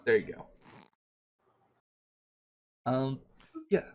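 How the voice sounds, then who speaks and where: A man's voice: medium pitch, extremely slow. A man narrating as game master in a loose, chatty way, laughing easily.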